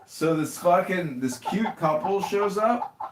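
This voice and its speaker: A man in casual chat, telling profane, animated stories as the host. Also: high-pitched, slow pace, recorded from a distance, noisy background. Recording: roomy echo.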